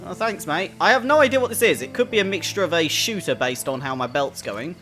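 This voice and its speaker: A man's voice: sits high, animated, fast, sharp tone. A man chatting casually and jokily while playing a video game. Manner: chatty, jokey, self-amused. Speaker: gaming video host. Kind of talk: casual let's-play commentary. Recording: voice over in-game music.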